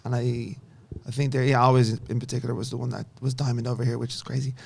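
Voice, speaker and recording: A young man with an Irish accent, chatting casually as a singer-songwriter guest in an interview, often trailing off softly. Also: mid-range voice, little pitch movement, fast, creaky, breathy edge, dry recording. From Ireland.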